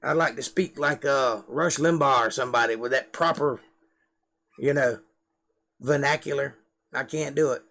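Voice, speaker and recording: A man's voice: medium pitch, normal speed, long pauses, fairly bright tone. A middle-aged man with a Georgia Southern drawl, rambling and self-deprecating in casual live-stream chat to camera. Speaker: live-stream host, musician.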